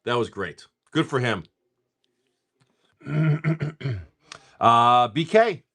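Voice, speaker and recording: Animated, profane man chatting on a livestream. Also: medium pitch, breathy edge. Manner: profane, chatty, greets viewers by name while opening packs; animated, quick bursts of talk. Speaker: card-breaking livestream host. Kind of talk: casual livestream chat.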